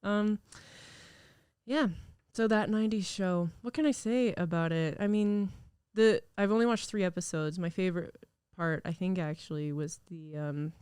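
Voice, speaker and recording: A woman's voice: lowish voice, normal speed, a little mellow, smooth, no room sound. A young woman hosting a podcast, chatting casually and rambling with lots of fillers, recorded in a studio. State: recovering from illness. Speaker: podcast host. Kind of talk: casual solo podcast chat.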